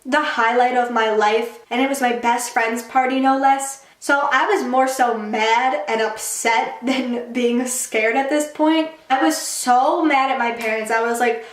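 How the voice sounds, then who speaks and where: A young woman telling a storytime vlog in a chatty, animated way, acting out quotes and saying "like" a lot. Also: a little high. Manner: chatty, quick, animated retelling with acted-out quotes and many "like" fillers. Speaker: YouTuber. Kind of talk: storytime vlog, casual chat. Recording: roomy echoey room.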